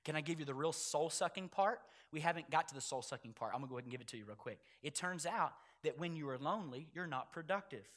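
A man preaching a sermon to his church, repeating key phrases for emphasis and building from quiet explanation to loud, emphatic delivery. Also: fairly high pitch, expressive, fast talker, few pauses. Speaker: pastor.

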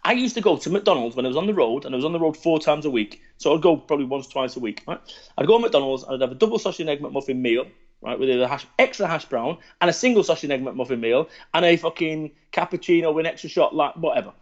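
A man's voice: fairly high pitch, fast, muffled recording. Sweary man in his forties. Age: 40s. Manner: blunt, sweary, animated storytelling. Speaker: podcast guest. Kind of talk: casual chat.

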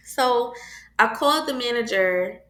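A woman tells her own faith story in a relaxed, conversational way, lively and expressive as she slips into the voices of others. Her tone is bright and forward. The sound carries a noticeable room echo. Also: on the high side, a little slow. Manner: animated, acts out quoted voices. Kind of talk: casual personal storytelling.

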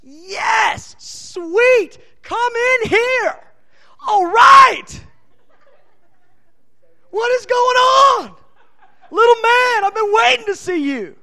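A man preaching who voices God the Father as overjoyed and welcoming, with high, excited, laughing cries in a sermon. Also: drawn-out words, long pauses, raised voice, full character voice. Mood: delighted.

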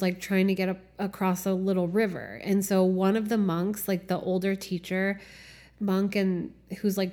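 A woman's voice: medium pitch, darkish tone. Candid, casual woman podcaster. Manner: casual and candid, many fillers, swears, laughs often. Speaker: podcast host. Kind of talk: reflective solo podcast monologue.

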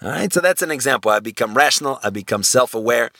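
Bright-voiced stammering male lecturer. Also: mid-range voice, expressive, fast talker, dry recording, studio quality. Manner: stammering restarts, thinking aloud with rhetorical questions; wry humor with everyday examples. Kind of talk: university lecture.

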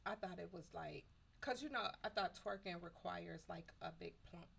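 A woman's voice: on the low side, moderate pace, vocal fry, a bit bright, husky. A woman co-hosting a live radio show in casual, playful banter, giggling and stretching her phrases. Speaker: radio co-host. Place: radio studio.

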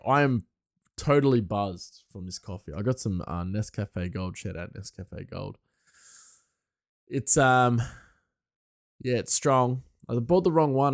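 A man's voice: on the low side, a little slow, dry recording, clean studio sound. Rambling man, casual chat. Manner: rambling, chatty, laughs often. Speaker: podcaster.

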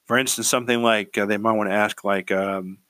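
A man talks through career advice in a loose, rambling monologue. His voice sits low, and he keeps repeating himself and tossing in "right?" to check in with the listener. The recording is dry, with no room sound. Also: fairly even intonation, brisk, bright, forceful tone, no echo.

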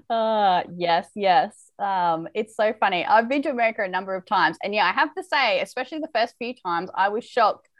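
A woman's voice: medium pitch, expressive, normal speed, no room sound. Australian woman, podcast host, chatty, bone-dry close sound. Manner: chatty, laughs often. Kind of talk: casual podcast interview.

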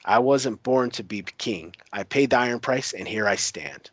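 A man's voice: medium pitch, lively intonation, slightly rough, dry recording. A man voicing a brash, mocking older pirate uncle while retelling a TV scene. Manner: taunting, crude, unhurried.

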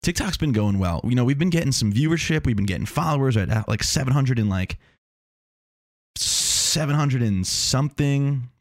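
A man's voice: medium pitch, animated, normal speed, no echo, clean studio sound. A man hosting a casual solo talk, rambling and self-mocking with meandering asides.

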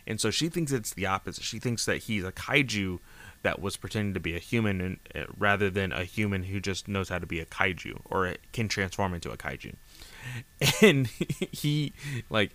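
A man's voice: low voice, expressive, moderate pace, a bit bright. A man casually recapping a manga chapter, rambling with lots of fillers, speaking into a close desk mic.

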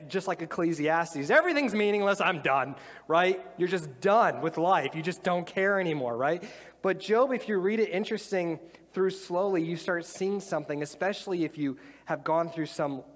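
A man preaching a sermon to a live congregation, conversational and enthusiastic. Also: on the high side. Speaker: pastor. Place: church with audience. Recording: reverberant church hall.

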